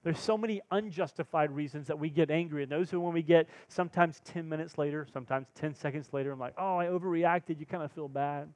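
A male pastor preaching a sermon, telling personal stories with lively, self-mocking humor and acted-out quotes. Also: fairly high pitch, fast talker, few pauses, no echo. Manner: animated storyteller, acts out quotes, laughs at himself. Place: church sanctuary.

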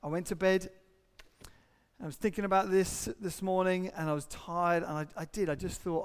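Man, middle-aged, pastor, earnest animated sermon, high voice, reverberant hall. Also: moderate pace, smooth. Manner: earnest, animated storytelling with acted-out quotes.

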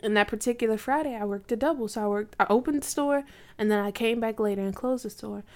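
A woman's voice: fairly high pitch, fast. Young woman telling a chatty faith story. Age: 20s. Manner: chatty storytelling with many likes and you knows. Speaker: student sharing her faith story. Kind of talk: casual personal testimony.

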